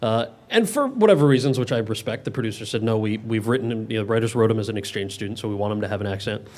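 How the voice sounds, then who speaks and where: A man's voice: on the low side, animated, very fast, a little mellow. A male actor answering audience questions at a public Q&A, candid and often restarting his sentences. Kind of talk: public Q&A conversation. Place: event with live audience.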